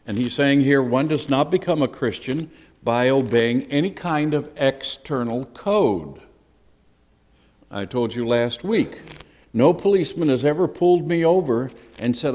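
A man, a pastor, teaching a sermon in an animated, emphatic and conversational way. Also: medium pitch, measured pace, in a large hall.

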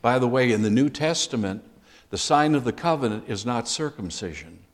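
A man's voice: medium pitch, expressive, normal speed. A man teaching a Bible class in a conversational way, asking the group questions as he explains scripture.

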